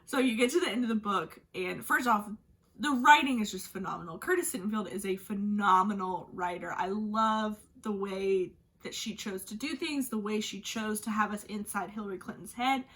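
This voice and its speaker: A woman's voice: medium pitch, moderate pace, a bit bright. A woman hosting a book channel, chatting casually and gushing about what she read, with lots of "like". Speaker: book vlogger host. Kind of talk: casual book review chat.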